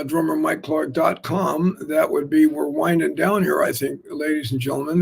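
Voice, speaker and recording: Gravelly, husky older man telling stories. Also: a little high. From Oakland, California. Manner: animated, rambling anecdotes with many fillers. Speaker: jazz drummer telling stories. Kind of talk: casual storytelling chat.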